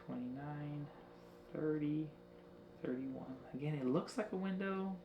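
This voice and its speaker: A man giving a casual screen-share tutorial on window cleaning prices, thinking aloud and counting slowly with plenty of hesitation. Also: fairly high pitch, gravelly, echoey room, highs cut off, background noise. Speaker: window cleaning business owner.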